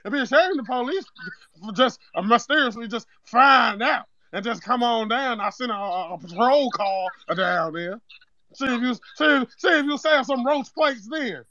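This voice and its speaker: Man voicing a furious put-on-accent customer, high-pitched and threatening, prank call over dull lo-fi audio. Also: lively intonation, normal speed, dry recording, full character voice. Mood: smug. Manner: loud, threatening and insulting.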